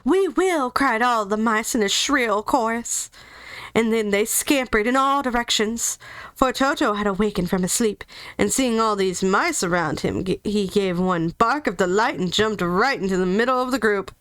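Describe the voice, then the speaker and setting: A woman's voice: mid-range voice, moderate pace, fairly bright tone, dry recording. A woman from Georgia with a Southern accent, reading a children's novel aloud in a playful, chatty way. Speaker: storybook reader.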